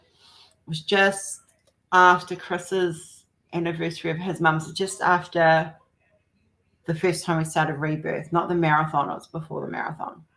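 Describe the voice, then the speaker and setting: A woman with a New Zealand accent hosts a relaxed livestream chat. Her voice sits very low with a gravelly, creaky edge. She rambles from story to story and laughs often. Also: measured pace. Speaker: livestream host. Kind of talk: casual chat.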